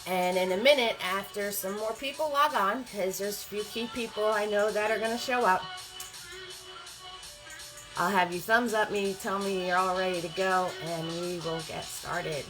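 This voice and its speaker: A woman's voice: medium pitch, normal speed, over music, poor audio. A woman hosting a live-streamed painting class, upbeat and greeting viewers by name as they join.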